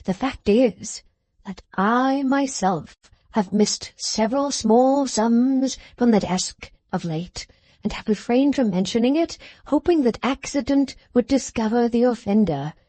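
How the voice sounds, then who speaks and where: A woman's voice: a little high, animated, a little slow, dark tone, no echo. A woman voicing a fawning, oily middle-aged male lawyer in a storybook reading, overly polite and theatrical in his protests.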